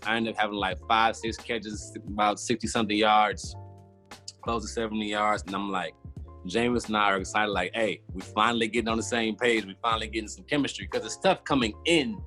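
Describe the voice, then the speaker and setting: A man's voice: lowish voice, fairly even intonation, brisk, pushed and bright, soft background music. A man, casually telling a long story as a podcast guest and acting out his own past reactions. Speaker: former football player, guest.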